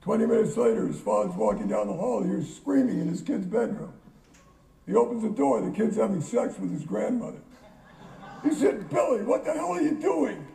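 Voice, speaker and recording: A man delivers a joke with punchy comic timing, his voice high and gravelly and swinging widely in pitch. He sounds dark in tone and far from the mic, with the echo of a large room around him. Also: sing-song, a little fast. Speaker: comedian. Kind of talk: stand-up joke telling. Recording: far-off, echoey, dull clip.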